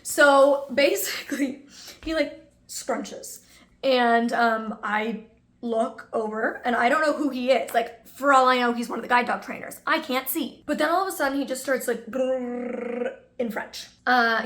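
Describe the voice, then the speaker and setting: A woman's voice: a little high, fairly bright tone, reverberant. A young woman vlogger telling a personal story in a casual, chatty way, full of asides to her viewers.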